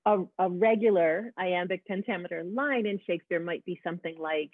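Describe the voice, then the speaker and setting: A woman's voice: on the low side, brisk, hardly any pauses, no echo. A woman interviewer leading a webinar chat, explaining and encouraging her guest, heard over a video call. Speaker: director of education, interviewer. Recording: tinny dry call audio.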